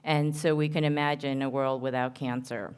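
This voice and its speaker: A woman's voice: rumbling low, level tone, moderate pace, darkish tone, clear, resonant tone. A woman surgeon with a New Jersey accent, giving an earnest conference talk with many ums and restarts. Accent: American, New Jersey. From Korea. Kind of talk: conference presentation.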